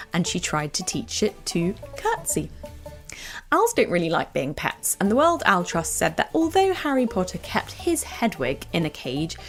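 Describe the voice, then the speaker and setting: A British woman hosts a kids' science podcast, her voice rising and falling in a lively, storytelling way. She talks straight to young listeners with bright enthusiasm, and a faint bed of music plays behind her. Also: on the low side. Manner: bright, animated, storytelling to kids. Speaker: podcast host. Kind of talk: children's educational podcast narration.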